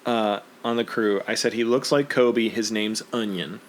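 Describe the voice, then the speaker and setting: A man co-hosting a casual podcast, relaxed and agreeable, with quick asides. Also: fairly low pitch. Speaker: podcast co-host. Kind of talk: casual chat.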